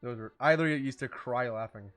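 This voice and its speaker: A man's voice: medium pitch, fast, soft background music. Rambling, jokey young male streamer. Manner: rambling, jokey, swings between mumbling and loud bursts. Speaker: streamer podcast host. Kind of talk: casual chat.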